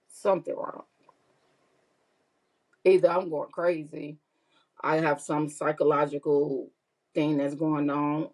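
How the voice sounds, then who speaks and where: A woman's voice: deep voice, a little mellow, low-quality recording. A middle-aged woman hosting a podcast, talking in a candid, heartfelt way and repeating herself for emphasis. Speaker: podcast host. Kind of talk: casual personal monologue.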